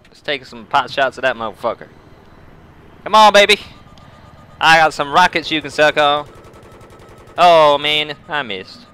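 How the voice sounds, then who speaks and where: A man's voice: a little high, moderate pace, pushed and bright, smooth. A man doing a put-on Southern US redneck accent, trash-talking and joking with crude swearing while playing a game. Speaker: gamer. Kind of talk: casual gameplay banter.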